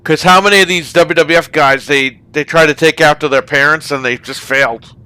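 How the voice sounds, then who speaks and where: A man with a somewhat high, bright voice rants on a casual gaming party chat. He curses freely and keeps asking if you know what he means. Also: fairly even intonation, fairly quick, clear, resonant tone, dry recording. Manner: profane, ranting about wrestling. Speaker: podcast host.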